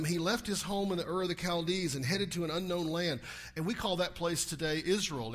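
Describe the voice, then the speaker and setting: A male pastor delivers a sermon in a voice pitched a little above most men's. He rises into loud, emphatic declarations, then drops to quiet, conversational asides. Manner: leads the congregation in reciting scripture. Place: church service.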